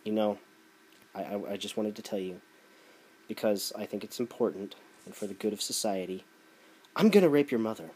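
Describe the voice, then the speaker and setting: A man voicing a soft-spoken, condescending man who argues for disarmament. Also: fairly low pitch, normal speed, pauses often, slightly rough, voice pushed down. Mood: mock polite. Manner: mock-polite, condescending, soft.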